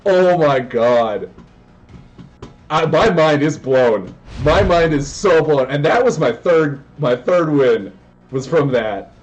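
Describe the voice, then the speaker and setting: Excitable male card game streamer, higher voice, yells and rambles; dull stream audio. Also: takes it slowly. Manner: excitable, yells in bursts, goes on tangents. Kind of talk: live gameplay commentary.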